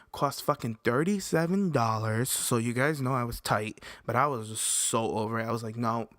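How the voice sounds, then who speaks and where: Young male podcast host, mid-pitched, dry close sound, telling a profane, lively story with big jumps in pitch. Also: dry recording. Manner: animated, swearing, pitch jumps high for quoted yelling. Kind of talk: casual storytelling.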